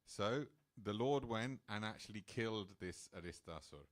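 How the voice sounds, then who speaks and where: A man's voice: fairly low pitch, lively intonation, moderate pace. A man speaking as a temple speaker, telling a sacred story in a casual, chatty sermon style. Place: temple hall.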